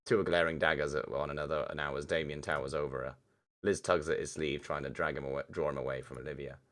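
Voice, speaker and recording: A man's voice: very deep voice, steady tone, quick pace, fairly bright tone. A young man narrating a story game aloud and reacting casually, with frequent swearing. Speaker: game streamer. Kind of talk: let's-play narration and commentary.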